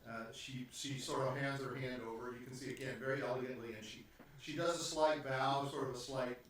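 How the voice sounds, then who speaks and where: A man's voice: mid-range voice, fairly even intonation, fairly quick, fairly bright tone, heavy reverb, recorded from a distance, a little hiss or hum. A man narrating as game master of a tabletop game, rambling with many fillers.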